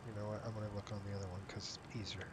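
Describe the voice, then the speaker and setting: A man's voice: on the low side, flat delivery, very fast, very noisy. A man streaming a flight simulator, chatting casually with viewers in a rambling, self-interrupting way while sounding tired and yawning. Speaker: flight sim streamer running a virtual airline. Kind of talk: casual live-stream chat over gameplay.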